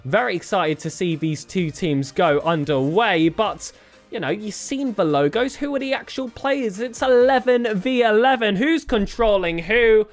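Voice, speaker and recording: A man's voice: sits high, expressive, unhurried, faint music behind. A man, casting an esports match preview in an upbeat, chatty manner. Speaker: esports caster.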